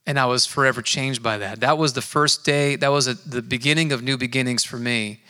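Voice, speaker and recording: A man preaching a sermon in a church, telling his own story in an earnest, conversational way and slowing down to stress key words. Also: mid-range voice, fairly even intonation, sharp tone, clear, resonant tone. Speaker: pastor. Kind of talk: sermon with personal testimony. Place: church sanctuary. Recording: long hall reverb.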